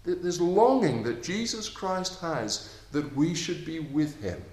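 Male preacher, slow and earnest, moves between hushed and emphatic, roomy echo. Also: very animated. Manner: earnest, swings between soft intimate lows and emphatic raised passages. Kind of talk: sermon. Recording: echoey room.

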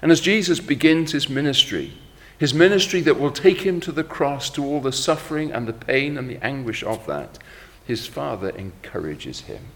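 A middle-aged man preaching a sermon in a measured, reflective way, slowing down when he quotes scripture. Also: medium pitch, lively intonation, a bit bright, big-room sound.

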